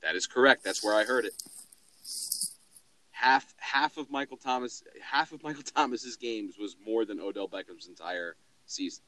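Excitable, emphatic man who swears freely. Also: lowish voice, normal speed, poor audio. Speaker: podcast co-host. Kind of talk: casual sports podcast chat.

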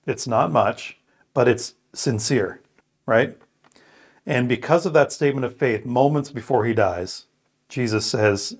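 A man's voice: mid-range voice, breathy edge. A man praying, reading scripture aloud and reflecting in an earnest, thoughtful way. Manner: earnest, thoughtful, with pauses and restarts. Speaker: co-host of a scripture podcast.

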